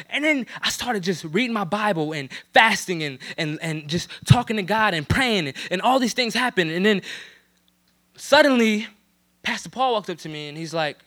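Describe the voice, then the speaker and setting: A man's voice: high voice, lively intonation, normal speed, sharp tone. A young man from New Jersey giving a personal church testimony in casual slang, with lots of "you know what I'm saying".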